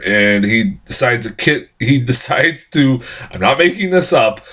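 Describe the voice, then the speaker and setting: A man giving a casual, rambling film review, excitable and swearing often. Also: medium pitch.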